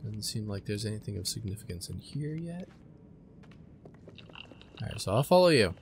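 A young man with a gravelly edge to his voice, talking his way through a game in a loose, chatty way. He hesitates and second-guesses himself, and he speaks to the characters on screen. There is a clear hiss of noise behind him. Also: fairly low pitch, big pitch swings, normal speed. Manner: chatty, unsure, talks to game creatures. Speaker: gaming commentator. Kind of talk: casual let's-play commentary.

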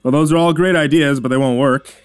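A man voicing a curt, sarcastic male engineer in a spoken horror story, his voice pitched a little above his narration. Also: a little fast, dry recording, soft background music, lightly acted. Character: sarcastic gruff male engineer, middle-aged.

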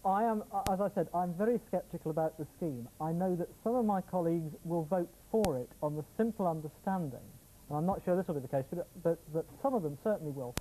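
A man speaking as a councillor in a studio debate, measured and defensive, with some halting repeats. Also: fairly high pitch, mellow, a little hiss or hum, poor audio.

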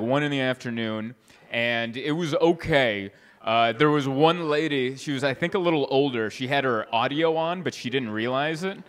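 Doing stand-up, a young adult man tells animated stories and laughs at his own jokes. When quoting people, he voices them with big leaps in pitch.

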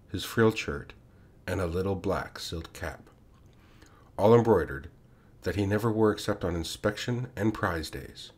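A man reading a classic short story aloud in the first person, unhurried and expressive. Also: low voice.

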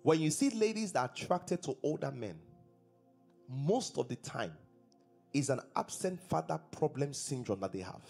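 A man's voice: fairly high pitch, sing-song, normal speed, vocal fry, darkish tone, soft background music. A man preaching a sermon as pastor, repeating his points and asking the congregation questions. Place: church service.

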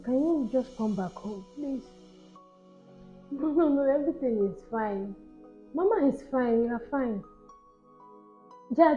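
A woman's voice: fairly high pitch, natural voice. A woman acting a timid pregnant young wife who pleads and stammers. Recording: dull lo-fi sound with faint music.

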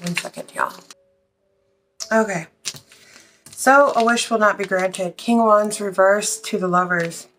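A woman's voice: medium pitch, measured pace, pauses often, a bit bright, faint music behind. Chatty, blunt woman reading tarot. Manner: chatty, blunt, swears casually. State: out of breath. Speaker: tarot reader.

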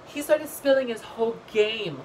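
A young woman vlogger recapping a reality show in a casual, gossipy way, blunt and full of swearing and animated asides. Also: on the high side, normal speed, slight background noise, low-quality recording.

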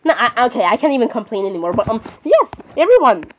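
A woman's voice: fairly high pitch, very animated, quick pace, highs cut off. A woman giving casual gameplay commentary, chatting on and arguing with herself, often breaking off to apologize. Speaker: gaming channel host.

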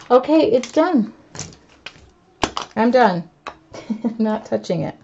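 Woman host, fairly high voice, chatty and self-mocking, dull lo-fi stream sound. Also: slow pace, vocal fry, pauses often, a little hiss or hum. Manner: excitable, self-mocking, laughs a lot. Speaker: artist streaming live. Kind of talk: chatty live-stream talk to viewers. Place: home art studio, indoors.

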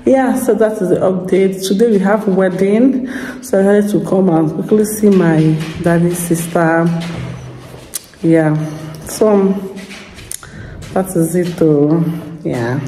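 Woman, hoarse voice, slow casual vlog chatter, giggly, roomy reverb. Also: fairly low pitch, a little mellow. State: hoarse, lost her voice. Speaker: vlogger. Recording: echoey room with long reverb, faint noise.

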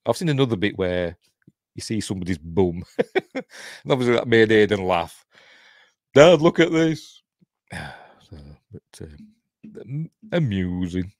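A man's voice: low-pitched, dry recording, clean studio sound. A middle-aged man with a Yorkshire accent, chatting casually through a film commentary, rambling and breaking off with chuckles. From Yorkshire, England. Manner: rambling, chuckling, self-interrupting. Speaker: host.

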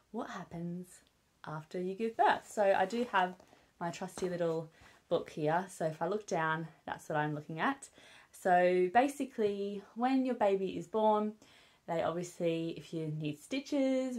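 A young British woman vlogs candidly to camera from home with her newborn, peppering her speech with fillers like "um" and "obviously". Her voice is fairly low and darkish in tone, animated yet measured in pace.

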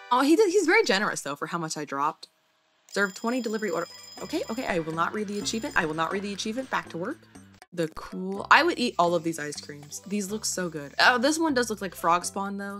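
A woman's voice: fairly low pitch, fairly bright tone. A woman playing a video game and commenting as she goes, chatting to the characters on screen. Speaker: gaming video creator.

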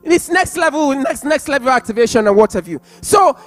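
Very high-voiced impassioned male preacher. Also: lively intonation, a little fast, faint music behind. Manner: impassioned, repeats phrases, bursts into loud tongues and sung prayer. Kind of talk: sermon with prayer.

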